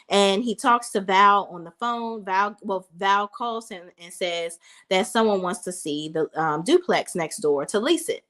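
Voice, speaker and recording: Woman in her thirties, casual recap host, chatty and direct with her viewers, mid-pitched voice. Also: fairly bright tone. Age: 30s. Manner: chatty, talks straight to viewers as y'all. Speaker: reality TV reviewer.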